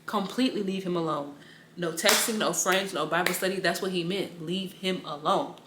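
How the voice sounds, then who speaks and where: A woman's voice: lowish voice, normal speed, reverberant, noisy background. A young woman giving a personal faith testimony in a casual, rambling way, with slang and a lot of repetition. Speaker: Bible study teacher.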